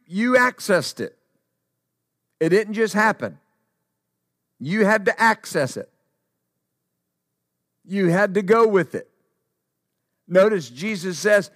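A male preacher with a notably high voice delivers a sermon at a slow, deliberate pace. He drives his points home by repeating short phrases. The sound is dry, with no room echo. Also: a bit bright. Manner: emphatic, repeats phrases for stress.

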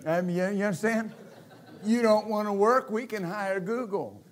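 Animated pastor preaching a sermon. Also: male voice, high-pitched, normal speed. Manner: animated, joking, swings from quiet to shouting.

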